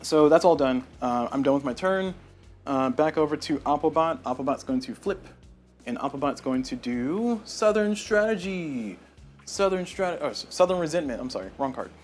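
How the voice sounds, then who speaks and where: A man playing a solo board game live on stream, talking through each move and getting loudly exasperated over bad dice rolls. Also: on the high side, lively intonation, moderate pace, faint music behind.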